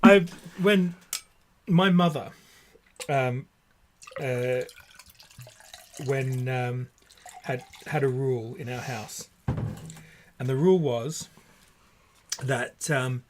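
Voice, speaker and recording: A man in his forties from Australia with a light, posh Australian accent, chatting casually over drinks as host, halting with many restarts. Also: medium pitch, a little hiss or hum. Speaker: vlog host.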